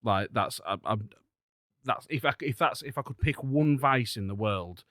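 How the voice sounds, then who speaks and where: A man's voice: medium pitch, animated, normal speed, a bit bright, dry recording, clean studio sound. A man talking animatedly in a casual podcast chat, full of restarts and asides.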